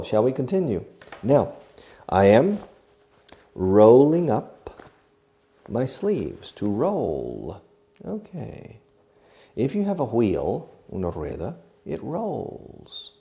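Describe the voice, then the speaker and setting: Gravelly, slow-talking male English teacher. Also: on the low side, wildly swooping pitch, dark tone. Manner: acts out each verb while explaining, mixes in Spanish glosses. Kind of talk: slow demonstrative language lesson.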